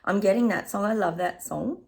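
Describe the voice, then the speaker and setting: A middle-aged Australian woman talks through a psychic reading for her viewers, her voice carrying a gravelly, fry-edged texture at an ordinary pitch. She chats loosely, keeps breaking off with "hang on," and laughs easily. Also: darkish tone. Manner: chatty, keeps pausing to say hang on; laughs often and hums snatches of songs.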